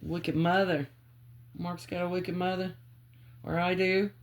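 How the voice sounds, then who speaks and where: A woman giving a channeled psychic reading, calling on spirit and muttering names and clues in halting bits. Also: lowish voice, little pitch movement. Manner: halting, muttering free association. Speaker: psychic reader.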